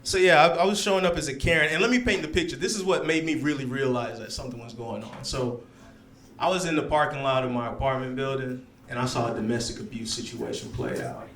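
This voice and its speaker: Man, stand-up comedian, bright forceful voice, storytelling, echoey club, faint room noise. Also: mid-range voice, quick pace. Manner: animated storytelling with frequent check-ins to the crowd. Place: comedy lounge with live audience.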